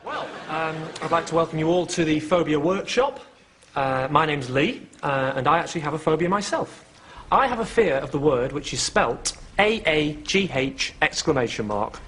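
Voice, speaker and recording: A man's voice: fairly high pitch, lively intonation, normal speed, noisy background, natural voice. A man playing a flustered support-group leader. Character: nervous man leading a phobia support group. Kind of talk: comedy sketch.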